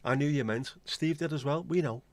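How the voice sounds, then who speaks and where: This livestream host, an English man in his forties, has a fairly high voice and a brisk pace, with no echo. He chats casually, opinionated and blunt, rambling through asides.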